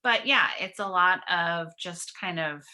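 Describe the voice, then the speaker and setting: A woman with a bright, forceful voice that sits slightly low speaks candidly about her own habits. Her tone is casual, and she laughs as she quotes herself. She is heard over a video call. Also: unhurried. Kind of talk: casual personal sharing.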